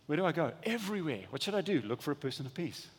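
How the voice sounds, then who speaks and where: A man preaching a sermon as pastor, animated and acting out little dialogues, often stumbling and restarting his words. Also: on the high side, very fast, breathy edge. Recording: long hall reverb.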